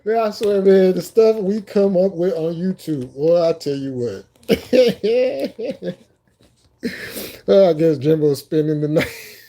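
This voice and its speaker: A man's voice: high voice, expressive, takes it slowly, long pauses, mellow. A man hosting a casual live stream, laughing constantly and bantering loosely and profanely with viewers in the chat. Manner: repeats phrases, talks to chat viewers by name.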